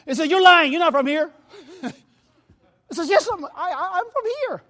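High-voiced Spanish-accented man preaching. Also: animated, normal speed, bright, forceful tone. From Latin America. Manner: repeats words and restarts, laughs at himself, storytelling. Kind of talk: sermon. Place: church sanctuary.

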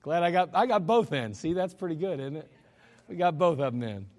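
Male pastor with a high voice, folksy and emphatic sermon delivery, long hall reverb. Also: lively intonation, brisk. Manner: folksy, chuckling asides, emphatic scripture reading.

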